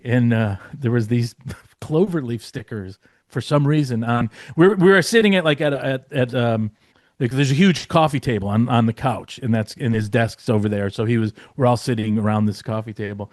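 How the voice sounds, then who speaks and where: A man's voice: mid-range voice, darkish tone, no echo, studio quality. A man, a guest writer, telling a backstage story in a rambling, casual way, full of fillers, restarts and swearing.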